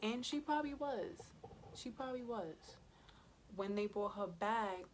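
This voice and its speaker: A woman, a birth worker and mother, tells a personal story for a vlog in a casual, emotional way, speaking straight to her viewers and often sinking into a soft whisper. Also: a little high, animated, measured pace, slight background noise. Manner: conversational, addresses viewers directly.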